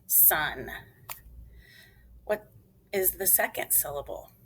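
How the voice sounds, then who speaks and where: Woman, teacher, phonics lesson, very slow pace, clear letter-by-letter spelling, slightly low voice. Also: lively intonation, a bit bright, slight background noise, poor audio.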